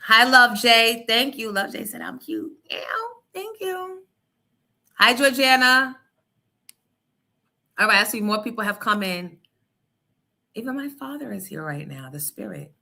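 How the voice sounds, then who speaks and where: A middle-aged woman with a New York accent, hosting a live stream and telling stories in a loud, playful, swearing chat with viewers. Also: fairly high pitch, very animated, unhurried, creaky, long pauses.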